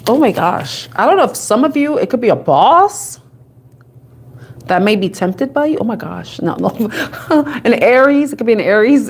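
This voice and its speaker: A woman's voice: fairly high pitch, lively intonation, normal speed, slightly rough. A woman giving a casual tarot reading, talking and thinking aloud in a chatty, giggly way. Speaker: tarot reader.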